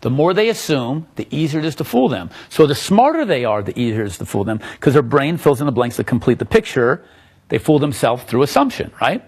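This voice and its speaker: A man's voice: medium pitch, very animated, brisk, darkish tone, husky. A middle-aged man, a magician, casually walking someone through a coin trick, chatty and self-interrupting.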